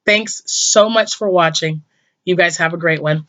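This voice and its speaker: A woman's voice: lowish voice, measured pace, fairly bright tone, no room sound. An older woman, a grandmother, chatting emotionally to camera as a crochet vlogger and sometimes dropping to a whisper. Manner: emotional, chatty, drops to a whisper when moved. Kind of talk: casual chat to camera.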